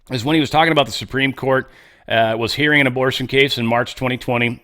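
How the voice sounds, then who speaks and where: A man's voice: mid-range voice, fairly bright tone. A man hosting casual political commentary, blunt and rambling, with swearing and off-the-cuff asides. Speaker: host.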